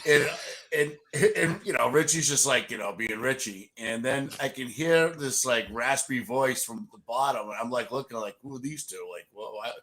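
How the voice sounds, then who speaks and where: A man co-hosting a casual podcast, telling a story in an excitable way. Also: medium pitch, moderate pace. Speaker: podcast co-host.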